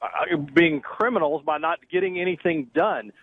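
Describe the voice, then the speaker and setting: A man from Oklahoma calls in to a radio show, halting and restarting as he talks. His voice is high and comes through a tinny phone line with a faint hiss. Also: lively intonation. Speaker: caller. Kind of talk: phone-in call.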